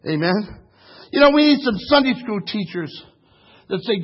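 Man preaching, very high voice, husky, fervent sermon, shouting, dull lo-fi recording. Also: lively intonation, moderate pace, pauses often. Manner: impassioned preaching, shouting and voice breaking at peaks.

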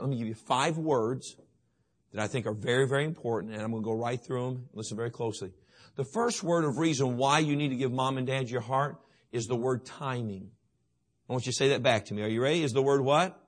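A man's voice: mid-range voice, brisk. A man preaching a sermon to teenagers, emphatic and repetitive, often asking his listeners questions. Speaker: youth pastor.

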